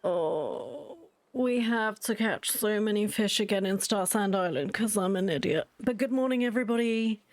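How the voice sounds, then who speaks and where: A woman's voice: medium pitch, measured pace, dry recording. A woman streaming a game, chatting casually with viewers in a giggly, self-mocking way.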